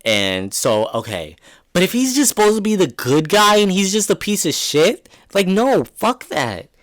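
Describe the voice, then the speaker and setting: A man's voice: high voice, big pitch swings, measured pace, a bit bright. A man hosting a solo podcast, ranting in a profane, rambling, exasperated way, trailing off and restarting mid-sentence. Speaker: podcast host.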